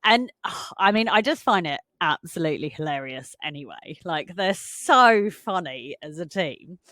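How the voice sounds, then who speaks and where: A woman co-hosts a podcast, chatting casually and laughing often while telling stories. Her voice sits on the low side, bright and forceful, animated yet measured in pace, recorded dry with studio quality.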